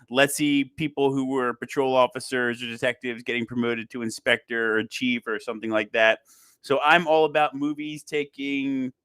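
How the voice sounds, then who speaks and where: A man hosting a casual chat over a video call, chatty and quick to laugh at himself. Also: medium pitch, bright, forceful tone, smooth, dry recording. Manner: chatty, laughs often, self-deprecating. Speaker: podcast host.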